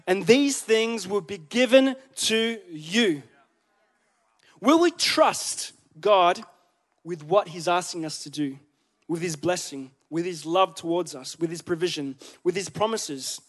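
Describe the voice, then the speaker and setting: A man preaches in a church with a high voice. He talks in a chatty, joking way and keeps asking the congregation questions. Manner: chatty, joking, asks the crowd. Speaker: pastor. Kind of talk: sermon.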